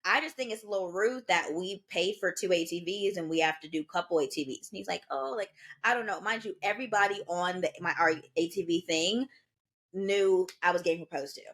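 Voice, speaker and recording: With a lowish voice and a brisk pace, this twenty-something co-host recounts a story on a laid-back podcast. She's animated throughout, imitating the people she quotes.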